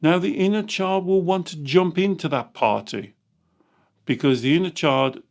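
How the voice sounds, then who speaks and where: A man hosting a life-coaching conversation, his voice carrying a gravelly rasp. He explains patiently and animates quoted inner thoughts as he goes. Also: a little high, moderate pace. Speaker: life coach and podcast host.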